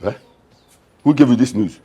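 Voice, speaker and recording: Actor as husky, mocking Nigerian dad, middle-aged. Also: male voice, mid-range voice, normal speed, dark tone, lightly acted. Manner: mocking, scornful. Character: scornful middle-aged father, callous, domineering. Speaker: father. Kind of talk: film acting.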